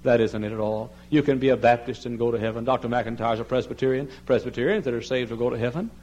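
Man preaching, hushed pleas to loud cries. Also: medium pitch, fast, lo-fi sound, a little hiss or hum. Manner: swings between hushed pleading and loud shouted emphasis; tells stories and mimics people he quotes. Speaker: pastor. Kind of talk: sermon. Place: church sanctuary.

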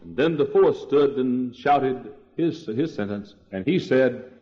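A man preaching an old-fashioned sermon, repeating his points and rising to shouts on key words. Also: medium pitch, sing-song, moderate pace. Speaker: pastor. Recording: dull lo-fi 1968 sermon tape.

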